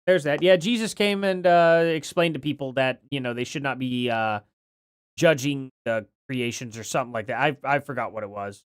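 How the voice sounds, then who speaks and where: A man's voice: medium pitch, normal speed, smooth, no room sound, clean studio sound. A man hosting a casual livestream, chatting and reading out donations, his words a little slurred from a bitten tongue. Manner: chatty, reads donations aloud, apologetic. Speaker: livestream host.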